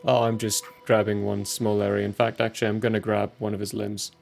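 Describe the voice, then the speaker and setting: Gravelly low-voiced man playing a tabletop game. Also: level tone, darkish tone, soft background music. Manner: deliberate, describing actions step by step. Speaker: player. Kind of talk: casual tabletop game chat.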